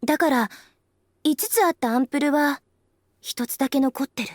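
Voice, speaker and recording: A woman voicing a sharp, pressing young game heroine. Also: sits high, fast, no echo, natural voice. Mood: questioning. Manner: probing, pressing questions. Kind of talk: Japanese game voice acting.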